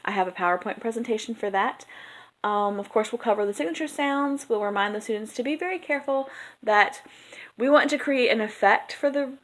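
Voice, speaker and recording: A woman's voice: a little high, brisk, fairly bright tone. Chatty woman drama coach. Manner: chatty and conversational, working through a plan. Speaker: drama teacher and dialect coach. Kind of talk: explanatory classroom presentation.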